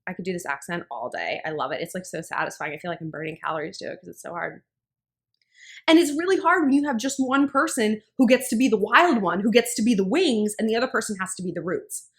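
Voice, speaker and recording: A woman in her thirties talking to camera about relationships, candid and blunt, with profanity and animated emphasis. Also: mid-range voice, a little fast. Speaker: relationship advice vlogger. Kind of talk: casual talk to camera.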